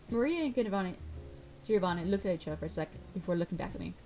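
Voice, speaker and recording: Her voice sits on the low side and sounds mellow, yet she talks very fast with lively intonation over soft background music. She reads a visual novel aloud, taking on all the parts and pausing for offhand remarks along the way.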